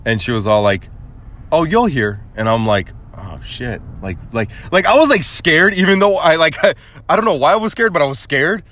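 This young Arizona podcaster is a fast talker with a fairly high voice. He tells a casual story animatedly, swears without a second thought, and acts out everyone he quotes.

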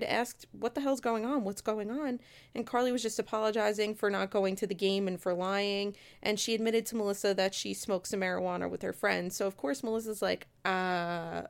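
With a mid-range voice and noticeable vocal fry, a woman hosts a true-crime story in a casual, chatty way. She keeps it conversational and drops in asides to her listeners.

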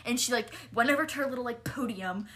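A young woman on a podcast, telling a story in a lively, profane way. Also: a little high, fast talker, background noise. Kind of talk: casual chat.

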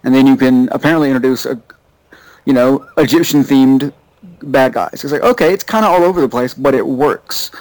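A man co-hosting a podcast, chatting in a relaxed, thoughtful way. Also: medium pitch, brisk, dry recording, poor audio. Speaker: podcast co-host. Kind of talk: casual chat.

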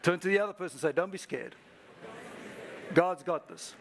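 Man, pastor, high-pitched voice, church sermon, call-and-response preaching. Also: expressive, moderate pace, vocal fry, fairly bright tone, slight background noise. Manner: preaching to a live congregation, prompting call-and-response. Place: church service.

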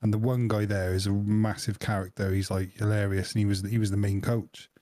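Man with teasing quick asides. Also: on the low side, flat delivery, mellow, no echo, studio quality. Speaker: podcast co-host. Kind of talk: casual chat.

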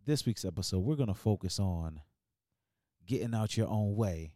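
Low-voiced hyped podcast host man. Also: lively intonation, moderate pace, warm tone, dry recording, clean studio sound. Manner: teasing, hype, preacher-like call-outs. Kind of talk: casual podcast chat.

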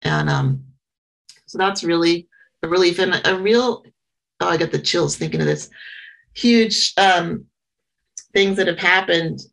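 A middle-aged woman talks through her experience at a small meeting. Her voice sits low and has a gravelly fry to it. She speaks earnestly but haltingly, often pausing and starting over. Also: fairly bright tone, rough recording. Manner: halting and earnest, many pauses and restarts. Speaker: member sharing at a support meeting. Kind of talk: personal share at a small meeting.

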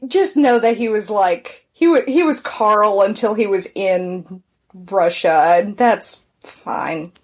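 A woman's voice: mid-range voice, takes it slowly, breathy edge. A woman co-hosting a podcast, chatting casually and telling a history story with frequent laughs. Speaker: podcast co-host. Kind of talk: casual chat.

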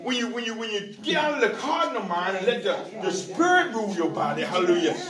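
A man preaching a sermon as bishop, repeating hallelujah and rising into shouts. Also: sits high, big pitch swings, quick pace, crowd noise. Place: church sanctuary. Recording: echoey church from far off with congregation.

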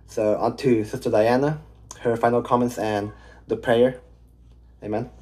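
A man's voice: medium pitch, steady tone, a little slow, warm tone. A man co-hosting a faith podcast, giving closing thoughts in a rambling way, packed with "you know" fillers. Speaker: podcast co-host. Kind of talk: casual faith chat.

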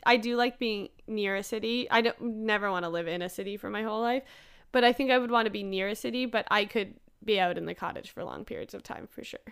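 A woman's voice: mid-range voice, fast, fairly bright tone, clean tone. A young woman from Canada with a Canadian accent, co-hosting a podcast, rambling and giggling in casual chat. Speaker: podcast co-host.

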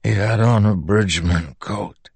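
A man's voice: lowish voice, vocal fry, slightly rough, dry recording, pitched above the performer's own voice, exaggerated voice. Man doing a weak, wounded soldier. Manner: faint, halting, muttering.

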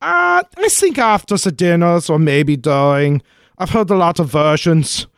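A man's voice: a little high, expressive, unhurried, creaky, clear, resonant tone, no echo, clean studio sound. A man playing a jumpy, evasive young knight in a 1940s-style radio play. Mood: sly. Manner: nervous, evasive, panicky outbursts.

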